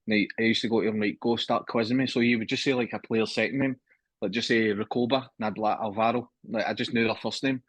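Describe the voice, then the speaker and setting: A man's voice: fairly low pitch, steady tone, quick pace, no echo, low-quality recording. A man in his thirties talking candidly as a podcast guest, swearing freely and calling his host mate, heard through a phone. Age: 30s. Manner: candid, swears often, keeps saying mate. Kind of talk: casual conversation.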